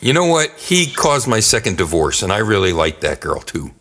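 A man telling a story in casual chat, animated and profane, laughing often and yelping now and then. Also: on the low side, moderate pace. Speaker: podcast guest.

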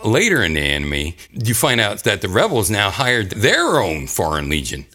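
Lively, low-voiced man ranting casually. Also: normal speed. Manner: rambling and profane, with frequent laughs. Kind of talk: casual chat recapping an anime.

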